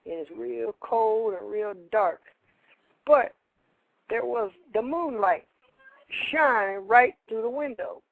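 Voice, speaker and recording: A man's voice: high-pitched, slow pace, creaky, long pauses, no room sound, low-quality recording. A man co-hosting a radio show, telling a story casually in a rambling, colloquial way and repeating his phrases.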